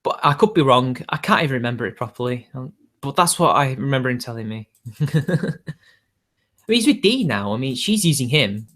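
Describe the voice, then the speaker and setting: A man's voice: medium pitch, expressive, a little fast, a bit bright. A man hosting a casual livestream, talking off the cuff in a rambling, hedging way with frequent chuckles. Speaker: livestream host.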